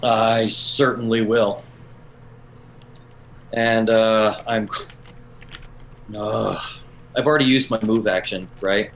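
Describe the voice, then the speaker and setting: A man's voice: on the low side, steady tone, slow, long pauses, a little hiss or hum, low-quality recording. A man playing in a tabletop game, hesitant and thinking aloud as he decides his moves. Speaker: player. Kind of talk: casual game play.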